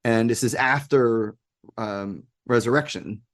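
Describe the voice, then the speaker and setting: A man's voice: mid-range voice, unhurried. A man telling enthusiastic anecdotes as a guest in a casual interview, full of fillers and restarts. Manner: excited, animated anecdotes with frequent fillers. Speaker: guest, game producer.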